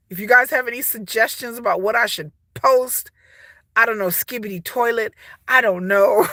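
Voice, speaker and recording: A woman's voice: mid-range voice, sharp tone, dry recording. A woman in her forties chatting casually to camera as a vlogger, rambling, laughing often and mimicking people. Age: 40s.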